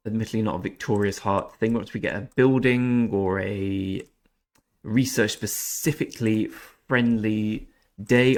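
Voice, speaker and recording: A man hosting a gaming channel, giving chatty, self-deprecating commentary over his gameplay. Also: fairly low pitch.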